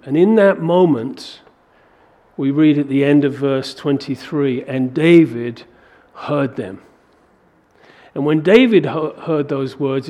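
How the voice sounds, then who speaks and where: A man preaching a sermon to a congregation, animated and acting out biblical dialogue in a raised voice. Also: fairly high pitch. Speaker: pastor.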